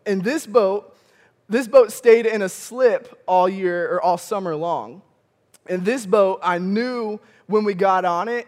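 A young male campus pastor from Michigan, preaching a sermon with animated storytelling, often chuckling and calling out to the congregation. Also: high voice. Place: church auditorium.

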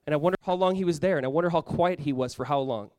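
Fast-talking earnest male preacher. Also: fairly high pitch, a little mellow, dry recording. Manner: earnest and conversational, acting out quoted reactions. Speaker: pastor. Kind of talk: sermon.

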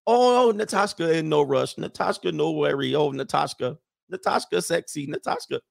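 Brief: high coaxing woman with a foreign lilt, sing-song, played by a man with a gravelly voice. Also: lively intonation, moderate pace, no echo, studio quality, heavily acted.

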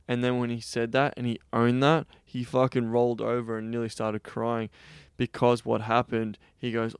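A man in a casual podcast monologue with a gravelly yet smooth voice that stays flat in pitch. He talks bluntly and profanely and rambles through restarts. The sound is dry and close. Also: normal speed, no room sound. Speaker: podcast host and sex coach.

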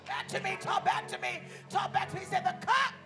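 High-voiced woman preaching over music. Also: brisk, a crowd in the background. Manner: call-and-response preaching, builds to shouting. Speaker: pastor. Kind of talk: sermon. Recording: music playing behind.

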